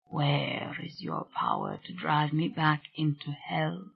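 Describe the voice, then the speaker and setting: An audiobook reader voicing a tall, sorrowful male spirit with a Scottish accent and a low, vibrant, whispery voice. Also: animated, takes it slowly, vocal fry, muffled recording, full character voice. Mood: hushed longing.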